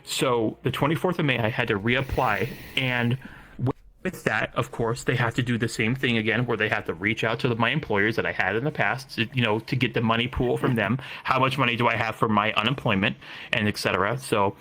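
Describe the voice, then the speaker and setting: A young man tells a personal story in a loose, casual way, stumbling over his words and dropping curses as he goes. His voice is bright and forceful, with a mid-range pitch. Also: fairly quick. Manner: rambling, repeats himself, swears freely. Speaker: storyteller recounting job loss. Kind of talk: casual chat.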